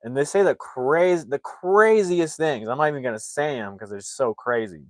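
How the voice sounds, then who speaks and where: A man's voice: medium pitch, expressive, a little fast, no echo. A man casually retelling a film's plot as a reviewer, rambling with many fillers and restarts. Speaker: film reviewer.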